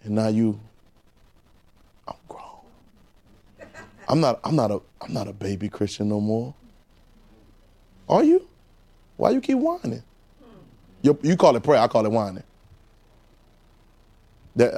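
A man preaching a sermon, firing rhetorical questions at the congregation and swinging between loud exclamations and quiet asides. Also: fairly low pitch, moderate pace, pauses often.

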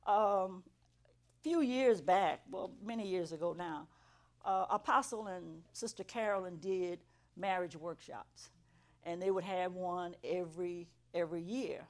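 Middle-aged woman preaching a personal testimony, earnest storyteller who swells to emphatic highs. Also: a little slow. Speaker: church teacher giving testimony to students. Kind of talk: testimony sermon.

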